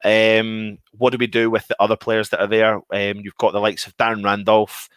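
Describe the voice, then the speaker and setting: Male co-host, animated storyteller, dry close sound. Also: on the low side, normal speed, clear, resonant tone, no echo. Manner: animated, storytelling, talks over others. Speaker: podcast co-host. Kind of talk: casual football chat.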